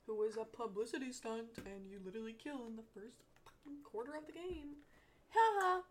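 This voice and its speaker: A woman's voice: a little high, a little fast. Wry woman, faint background noise. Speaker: podcast co-host. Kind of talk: casual chat.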